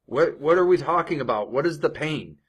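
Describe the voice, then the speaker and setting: A man's voice: on the high side, expressive, brisk, fairly bright tone, husky. A young adult man coaching viewers on ad copy in a casual, conversational way, often tacking on "right?" and restarting sentences. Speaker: online marketing coach. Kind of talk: casual screen-share tutorial.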